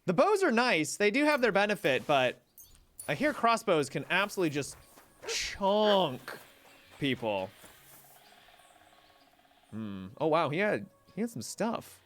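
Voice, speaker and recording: Male streamer, chatty game commentary, high lively voice, clear, game music in background. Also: a little slow, pauses often, slight background noise. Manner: chatty, rambling, talks to chat. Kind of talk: live gameplay commentary.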